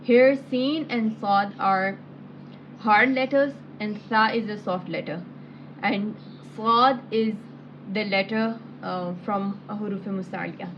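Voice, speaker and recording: Slow, patient woman teacher drilling sounds. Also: medium pitch. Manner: patient, explains then drills sounds aloud. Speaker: Quran recitation teacher. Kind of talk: slow step-by-step lesson with recited syllables. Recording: dull lo-fi audio with faint background hiss.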